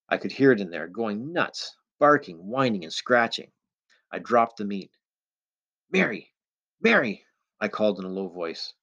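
A man reading a first-person adventure story aloud with measured, tense storytelling. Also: fairly low pitch, a bit bright. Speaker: audiobook narrator. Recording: dull lo-fi recording.

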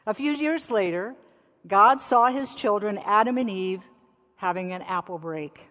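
A woman's voice: medium pitch, measured pace, a bit bright, muffled recording. Lady pastor giving a sermon, chatty, asks questions, church echo. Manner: conversational, with rhetorical questions. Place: church sanctuary. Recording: reverberant church sanctuary.

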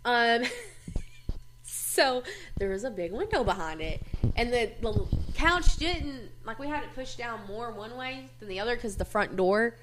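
Lively woman telling stories. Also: fairly high pitch, a little slow. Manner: animated, swearing, laughs often, acts out quotes. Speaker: host. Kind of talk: casual storytelling chat.

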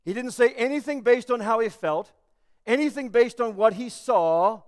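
A man's voice: extremely high pitch, animated, normal speed, in a large hall. A man preaching a sermon as pastor, emphatic and full of rhetorical questions.

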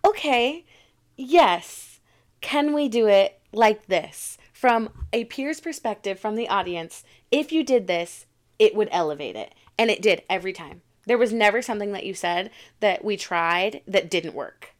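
A woman's voice: medium pitch, expressive, normal speed. A young woman co-hosting a podcast, chatting casually with giggles and effusive praise. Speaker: podcast co-host. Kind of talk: casual chat.

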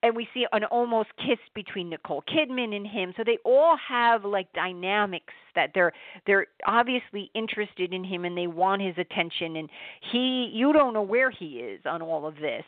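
Woman, casual film reviewer, animated and talkative, mid-range voice, narrow tinny recording. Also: mid-range voice, moderate pace, no room sound. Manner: chatty, animated, with many restarts. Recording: dry, tinny phone-like sound.

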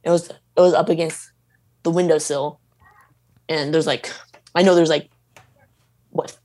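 A man guesting on a casual podcast, talking haltingly with frequent "um"s. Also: a little high, little pitch movement, a little mellow. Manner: hesitant, halting with "um".

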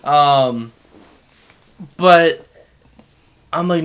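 A young man in his twenties telling a story in casual chat, animated and laughing often. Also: on the high side, normal speed.

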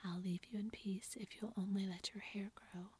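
A woman's voice: medium pitch, steady tone, a little mellow, breathy edge. A woman voicing a blunt, tomboyish young woman who lectures, in a whispered role-play. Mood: scolding. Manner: whispered, brisk and scolding.

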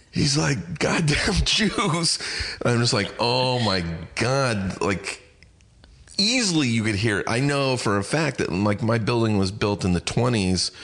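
A man's voice: lowish voice, a bit bright. A man hosting a podcast, rambling and self-deprecating in casual chat. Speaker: podcast host.

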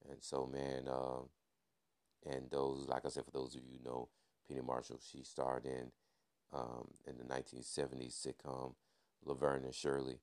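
A man's voice: rumbling low, monotone, moderate pace, a little mellow, smooth. A man hosting a podcast, giving a casual news and sports recap in a laid-back way, peppering his talk with "man" and playful wordplay. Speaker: podcast host.

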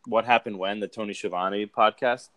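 A man's voice: on the low side, fairly even intonation, normal speed, a bit bright, dry recording. A man co-hosting a wrestling podcast, talking loosely and swearing freely in casual chat. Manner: laid-back, swears freely, loose rambling delivery. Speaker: podcast co-host.

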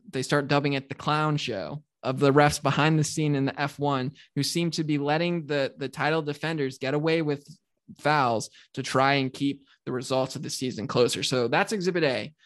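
A man co-hosting a podcast, telling a sports story in an animated, ranting way. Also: a little high, normal speed. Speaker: podcast co-host. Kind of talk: casual podcast chat.

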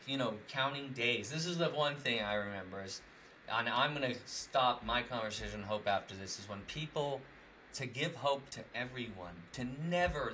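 A young man talks in a loose, rambling way, packing his sentences with fillers and often breaking into laughter. His voice is bright and forward, and a faint hiss of noise sits behind it. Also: mid-range voice. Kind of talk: casual chat.

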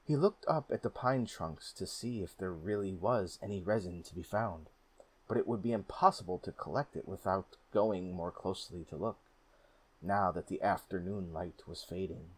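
In this storybook reading, a man with a low and slightly husky voice narrates a folk tale. His delivery is calm, steady, and measured.

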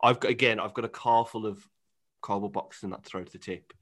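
A man co-hosting a comedy podcast, jokey and quick to laugh as he riffs on silly ideas. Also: fairly low pitch, fairly even intonation, a bit bright. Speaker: podcast co-host.

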